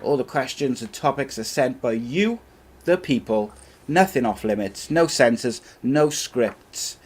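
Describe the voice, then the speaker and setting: A man's voice: mid-range voice, animated, measured pace, slightly rough. Upbeat Scottish man hosting a podcast. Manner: upbeat, calls people mate, reads promos. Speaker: podcast host. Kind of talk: podcast intro and casual chat.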